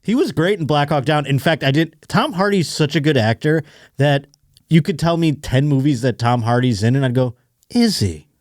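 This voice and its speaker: A man's voice: on the high side, animated, brisk, dry recording, clean studio sound. A man hosting a podcast in casual chat, rambling and swearing, often laughing. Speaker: podcast host.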